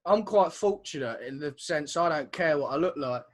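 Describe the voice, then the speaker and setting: A man's voice: a little high, lively intonation, normal speed, a crowd in the background. A man, a podcast co-host telling stories in casual chat and laughing often. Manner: laughs often, storytelling with sung and acted bits.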